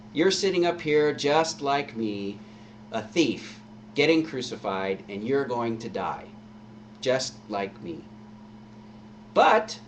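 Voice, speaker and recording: A man voicing a bitter, mocking male thief dying on a cross, heard from a distant mic with a faint hum. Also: mid-range voice. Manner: mocking, scornful.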